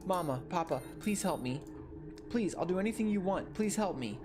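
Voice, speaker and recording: A man voicing a terrified, wealthy child in a game, first defiant, then pleading for their life in a high voice. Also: normal speed, noisy background, close to an everyday voice. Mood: begging. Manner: high, pleading, rising into panic.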